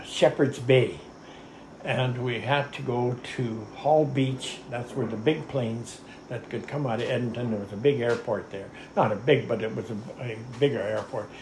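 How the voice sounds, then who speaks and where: An older man recalls old times in a rambling, chuckling way, with a rough, gravelly edge to his voice. He sounds as if he was recorded in an echoey room. A faint ambient noise sits behind him. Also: mid-range voice, darkish tone. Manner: rambling, chuckling storyteller who often says "anyhow". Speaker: interviewee. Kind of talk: oral history storytelling.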